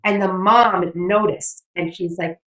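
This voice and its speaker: A woman's voice: on the low side, steady tone, measured pace, a bit bright, roomy sound, rough recording. A woman co-hosting a podcast, speaking candidly and speeding up as she tells stories. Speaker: podcast co-host. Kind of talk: casual chat.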